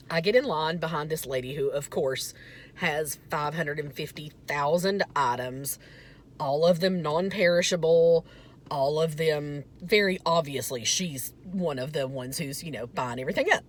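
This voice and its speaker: Low-voiced, lively woman vlogger. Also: moderate pace. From Southern United States. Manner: animated, self-mocking and chatty, turning earnest at the end. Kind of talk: casual storytelling vlog.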